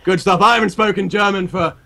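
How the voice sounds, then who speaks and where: A man's voice: high voice, fairly even intonation, quick pace, vocal fry, bright, forceful tone. A man, a guest caster, joking around in playful, mock-boastful banter.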